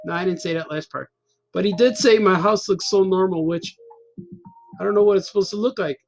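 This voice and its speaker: A man's voice: high-pitched, fairly quick, creaky, a little mellow, faint music behind. A man in his fifties telling a rambling, self-mocking story in a casual chat as a cartoonist host. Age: 50s. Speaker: cartoonist hosting a stream.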